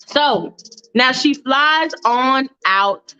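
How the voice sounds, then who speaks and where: A high-voiced woman tells a story off the cuff, rambling and slangy with plenty of swearing. She talks straight to her listeners like friends. The recording sounds dull and lo-fi. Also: lively intonation, drawn-out words, bright, forceful tone, clear, resonant tone. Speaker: storyteller, podcast host. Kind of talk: casual improvised storytelling.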